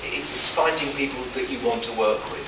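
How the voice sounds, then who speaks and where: A man's voice: medium pitch, brisk. An English man with a stammer, telling self-deprecating, humorous anecdotes as a guest writer on a convention panel, often restarting his sentences. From England. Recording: echoey room from far off, noisy.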